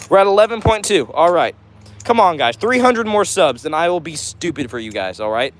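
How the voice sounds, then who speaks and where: A man's voice: fairly high pitch, big pitch swings, moderate pace, slight background noise. A man hosting a casual livestream, reading out chat comments in a chatty, upbeat way and often saying "all right". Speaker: livestream host.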